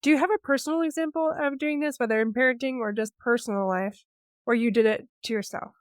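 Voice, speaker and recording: A woman's voice: a little high, quick pace, no echo, clean studio sound. A woman hosting a podcast, asking her guest questions in a friendly, inquisitive way. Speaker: podcast host. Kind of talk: conversational interview.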